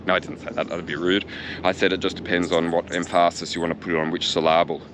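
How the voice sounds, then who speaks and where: Chatty Australian man with a low voice. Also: completely flat delivery, quick pace, background noise. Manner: chatty, jokey, talks to himself. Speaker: cycling vlogger. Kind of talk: casual vlog commentary. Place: outdoors in a harbourside park.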